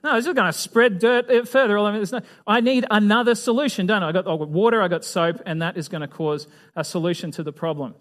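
A man's voice: sits high, steady tone, fast talker, few pauses, a bit bright. A man teaching a Bible lesson in a chatty way, asking his listeners questions and acting out little scenes. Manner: chatty, asks the audience questions, acts out voices. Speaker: preacher.

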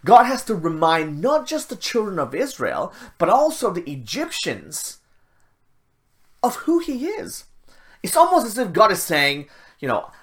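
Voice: medium pitch, very animated, unhurried, fairly bright tone. A preacher teaching a sermon, reading scripture aloud and explaining it in a conversational way.

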